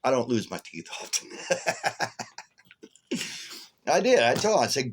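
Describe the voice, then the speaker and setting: A man vlogging casually, telling a rambling, profane story and flaring up loudly when he retells his anger. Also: medium pitch, big pitch swings, a little slow, noisy background.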